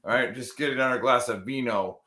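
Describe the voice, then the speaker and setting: A man with a bright, forceful voice hosts a live show. He jokes and rambles casually with his co-hosts. The sound carries a roomy echo. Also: medium pitch, brisk. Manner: loose, joking, rambling. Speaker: podcast host.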